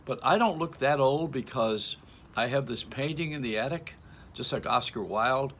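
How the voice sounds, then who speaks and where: A man's voice: medium pitch, moderate pace, fairly bright tone, a little hiss or hum. An older man hosting, talking in a rambling, joking stream-of-consciousness monologue with frequent laughs, recorded at home. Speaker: radio host. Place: home in Florida.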